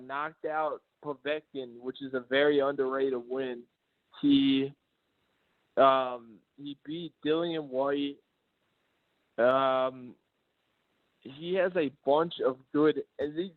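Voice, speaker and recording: Caller over a tinny phone line. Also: male voice, a little high, no echo. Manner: earnest, hesitant, lots of ums. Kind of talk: call-in boxing opinion.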